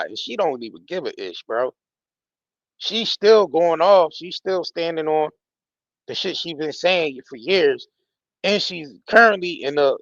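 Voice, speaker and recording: A man with a slightly high voice hosts a live stream in loose, slangy commentary. He talks emphatically and swears freely. The sound is dull and dry, with a lo-fi edge. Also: fairly bright tone, no room sound. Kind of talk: casual live-stream commentary reading social posts.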